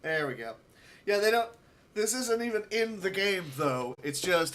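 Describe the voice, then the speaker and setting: A man's voice: sits high, animated, normal speed, fairly bright tone. A man speedrunning a game live, giving muttered, wry running commentary to himself.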